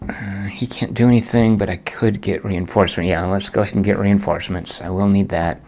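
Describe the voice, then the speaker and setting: A man with a fairly low voice narrates his own solo board game turn by turn. He thinks aloud in a muttering, half-to-himself way and groans when the dice go against him. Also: fairly even intonation, brisk, a little mellow, slight background noise.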